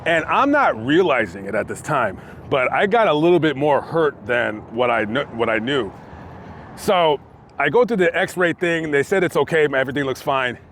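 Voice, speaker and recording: A man vlogging outdoors by a busy street, telling a story with lively acted-out quotes. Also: on the high side, moderate pace. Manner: animated storytelling, acting out quotes. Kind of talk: storytime vlog told on location. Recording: faint street noise outdoors. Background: passing traffic.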